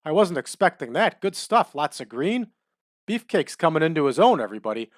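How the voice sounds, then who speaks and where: A man giving relaxed, chatty commentary over a wrestling management game, adding trivia as he goes. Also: on the high side, a little fast, no room sound, studio quality. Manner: laid-back, chatty, adds wrestling trivia.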